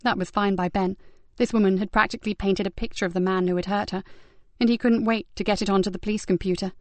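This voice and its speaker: A woman narrating a crime novel in an even, measured way. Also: medium pitch, no echo. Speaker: audiobook narrator. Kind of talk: scripted narration.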